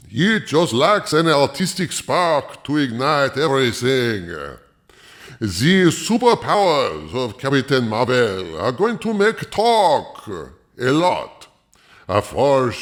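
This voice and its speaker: A pompous French film critic with a wildly exaggerated accent, as a man hams it up. He drawls each phrase slowly, and his pitch leaps and swoops theatrically. He chuckles to himself as he muses. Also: fairly bright tone, exaggerated voice. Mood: mock-serious. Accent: exaggerated fake French. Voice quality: over-the-top accent, drawn-out delivery, chuckling asides. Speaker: host. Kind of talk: comedic character monologue.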